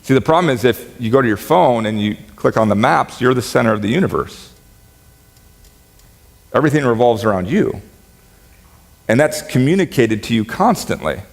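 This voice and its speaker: A man preaching a sermon as pastor, in a conversational, joking way that turns animated when he quotes. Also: medium pitch, moderate pace, vocal fry, pauses often. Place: church sanctuary. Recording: reverberant church hall.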